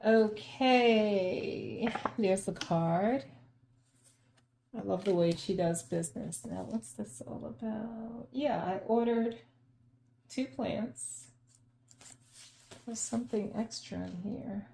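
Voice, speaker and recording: A woman unboxing plants in a casual vlog at home, gushing with excitement and laughing often. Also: mid-range voice, takes it slowly, gravelly, pauses often, roomy sound, a little hiss or hum. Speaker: plant vlogger. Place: home, unpacking at the sink.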